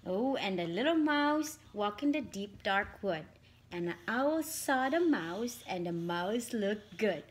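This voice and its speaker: A woman narrating a storybook in a soft, slow, sing-song read-aloud for a small child. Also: medium pitch, expressive.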